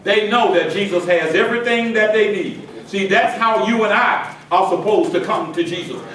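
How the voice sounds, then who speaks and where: A pastor preaching a sermon to his congregation, swinging between quiet asides and shouted climaxes. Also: sits high, moderate pace. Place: church sanctuary with congregation. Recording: very echoey church hall from far off with congregation. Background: congregation responding and laughing.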